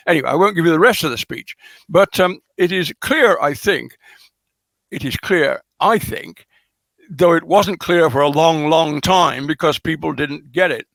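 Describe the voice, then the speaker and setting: A man being interviewed as a scholar, explaining carefully in an unhurried lecturing way, full of ums and restarts. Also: fairly high pitch, gravelly, fairly bright tone, no echo. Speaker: guest scholar. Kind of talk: lecturing conversation.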